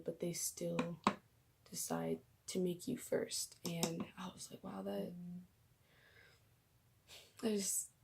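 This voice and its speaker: Young woman, faith vlog, low flat voice, dark tone, emotional, slips into whispers. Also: gravelly, husky. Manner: emotional, gushing, drops to whispers. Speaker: vlogger.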